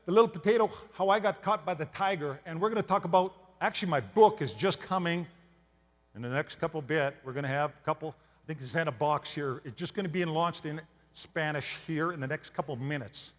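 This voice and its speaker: A man's voice: fairly high pitch, a little fast. Canadian man telling stories in a hall. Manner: folksy storytelling, asks audience questions. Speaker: motivational speaker. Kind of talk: keynote talk to an audience.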